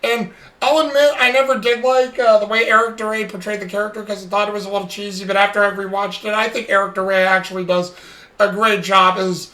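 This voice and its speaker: A man's voice: high-pitched, flat delivery, quick pace, pushed and bright, roomy sound, rough recording. A man co-hosting a casual chat podcast, recapping a TV episode in a rambling way with lots of fillers. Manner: rambling, acts out quoted lines, frequent fillers.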